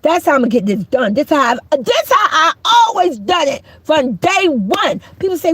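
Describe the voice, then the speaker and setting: A middle-aged woman delivers a fiery call-out rant, preaching and often breaking into shouts. Her voice sits high and swoops all over the place. The sound is close and dry. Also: very animated, brisk, hardly any pauses, husky, no echo. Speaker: YouTube commentator.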